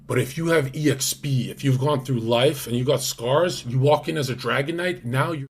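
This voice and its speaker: A man's voice: mid-range voice, normal speed, breathy edge. A young man hosting a livestream, talking in a rambling, slangy way with lots of fillers and restarts. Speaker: livestream host. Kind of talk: casual livestream chat.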